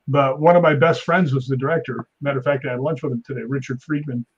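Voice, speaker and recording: A man in his fifties, a stuntman guest on a talk show, telling animated anecdotes with sound effects and chuckles. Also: medium pitch, quick pace, slightly rough. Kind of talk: casual interview storytelling. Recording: dull lo-fi sound.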